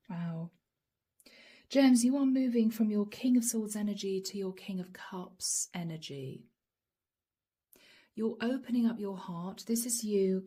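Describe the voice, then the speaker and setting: Soft-spoken woman giving a tarot reading. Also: medium pitch, husky. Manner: earnest, emotional, addresses viewers directly; drops to soft whispers. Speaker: tarot reader.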